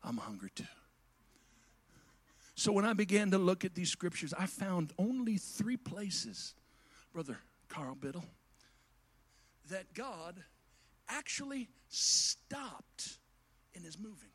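A man preaching a sermon to his congregation in a folksy way, addressing them directly and swinging from quiet asides to shouted climaxes. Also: high voice, lively intonation, slow, breathy edge.

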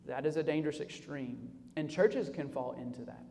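A male pastor preaching a sermon, dropping low and quiet, then rising loud for emphasis. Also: normal speed, vocal fry, big-room sound. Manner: preaching with sharp swings between soft low passages and loud raised emphasis. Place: church sanctuary.

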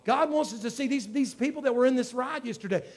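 A man's voice: very high voice, fast talker. A man, a pastor preaching a sermon in a folksy storytelling way that builds to fervent exhortation.

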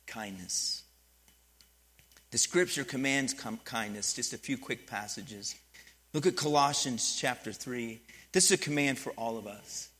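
Bright-voiced pastor preaching with swings in force. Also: male voice, medium pitch, unhurried, slightly rough. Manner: animated, swings from quiet to emphatic, asks the congregation questions. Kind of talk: sermon.

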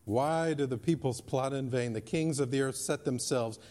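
A man's voice: mid-range voice, moderate pace, a little mellow. A male pastor preaching a sermon, reading scripture and driving points home with emphatic repetition. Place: church sanctuary.

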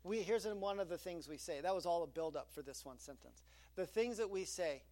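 A man's voice: high-pitched, a little fast. A middle-aged man preaching a sermon as pastor, telling stories with quoted asides. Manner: animated storytelling with quoted asides.

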